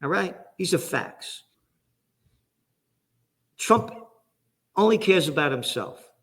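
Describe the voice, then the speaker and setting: A man's voice: on the high side, expressive, takes it slowly, a bit bright. A man from the Bronx with a New York accent, a guest giving fired-up, angry political commentary.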